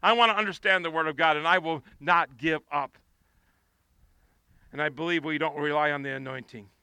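A man preaching a sermon outdoors, impassioned and rising to pleading shouts. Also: fairly high pitch, fairly even intonation, fairly quick, clean tone, no room sound.

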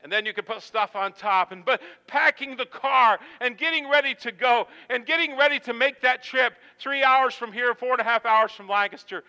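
Middle-aged male pastor, smooth resonant tone, chatty sermon anecdotes. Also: extremely high pitch, normal speed, few pauses, sharp tone, long reverb tail, dull audio. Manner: folksy, rambling, acts out quotes. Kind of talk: storytelling sermon.

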